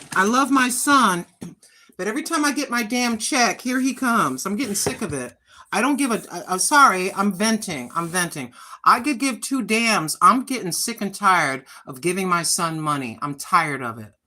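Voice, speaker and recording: A woman's voice: medium pitch, sharp tone. A woman in her sixties hosting a casual livestream, venting bluntly and with frustration, swearing freely as she talks. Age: 60s. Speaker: livestream host.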